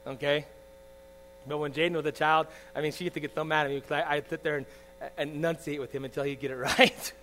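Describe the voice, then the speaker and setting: A man in his forties preaching a sermon, swinging from loud emphatic lines to soft confiding asides, often asking the congregation "all right?". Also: on the high side, flat delivery, fast, low-quality recording. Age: 40s. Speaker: pastor. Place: church. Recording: faint mains hum.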